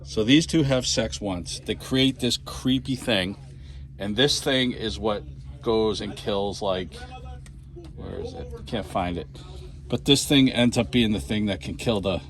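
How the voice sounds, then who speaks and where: A man chatting casually in a comic book shop, rambling and animated, laughing often. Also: fairly low pitch. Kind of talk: casual chat.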